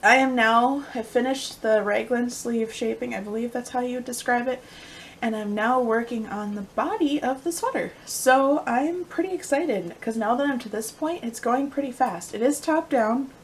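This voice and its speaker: A young woman hosting a casual knitting podcast, rambling and chatty with lots of ums and quiet asides. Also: fairly high pitch, normal speed, a little hiss or hum, poor audio. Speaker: podcast host.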